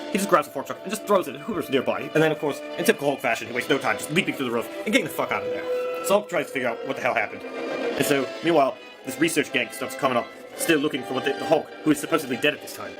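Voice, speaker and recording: Fast-talking profane man recapping comics. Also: mid-range voice, animated, music in the background. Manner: profane, rambling. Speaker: comic book reviewer.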